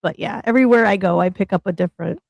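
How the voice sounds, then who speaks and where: Host, female, giggly and talkative, gravelly tone, dry close sound. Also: medium pitch, rapid-fire, no echo. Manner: giggly, chatty, self-described nerd. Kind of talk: casual group chat on a stream.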